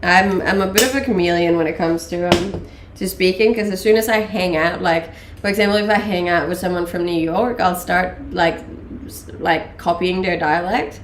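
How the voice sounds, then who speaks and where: A woman's voice: lowish voice, steady tone, moderate pace, few pauses, roomy sound, a little hiss or hum. A woman in her late twenties from Denmark, with a mixed Danish and English accent, chatting casually on a live stream with many ums and laughs. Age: late 20s. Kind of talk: casual chat reading live chat.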